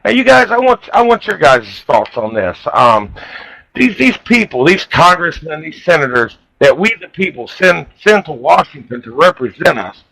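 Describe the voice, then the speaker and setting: A man from Ohio hosting a live radio talk show, speaking haltingly with many ums and restarts as he puts questions to his guests. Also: fairly high pitch, very animated, creaky, sharp tone, no echo, rough recording.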